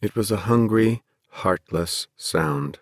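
A man narrating a fantasy novel at a measured, steady pace. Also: fairly low pitch, dry recording, clean studio sound. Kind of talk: audiobook narration.

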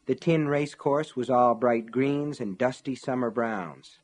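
A man narrating an audiobook in a measured, steady storytelling voice. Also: mid-range voice.

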